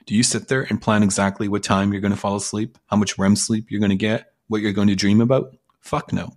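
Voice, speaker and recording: A man's voice: lowish voice, steady tone, a little fast, a little mellow. A man giving a blunt, persuasive self-help monologue in a casual, emphatic way, with frequent swearing. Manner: blunt, casual, sprinkled with profanity. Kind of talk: motivational monologue.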